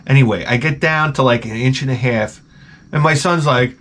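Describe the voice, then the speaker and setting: A man's voice: mid-range voice, moderate pace, fairly bright tone. A man telling a rambling, profane, comically exasperated story in a casual vlog. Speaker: vlogger.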